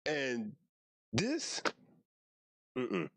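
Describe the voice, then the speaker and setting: Laid-back young man with lively pitch. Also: extremely slow, dry recording, clean studio sound. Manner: slangy, laid-back, self-talking. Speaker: YouTuber. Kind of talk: casual reaction commentary.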